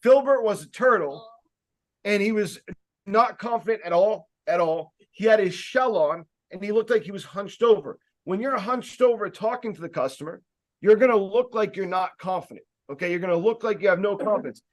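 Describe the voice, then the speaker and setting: A man giving a casual sales training talk, speaking loudly and emphatically, with rambling jokey asides and plenty of fillers. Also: high voice, normal speed. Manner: loud, emphatic, projecting voice.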